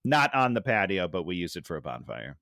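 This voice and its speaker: Podcast co-host, male: jokey, animated banter, pitch swings widely, dry recording. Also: brisk, gravelly, no echo. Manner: animated, joking, laughs often. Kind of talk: casual movie-review chat.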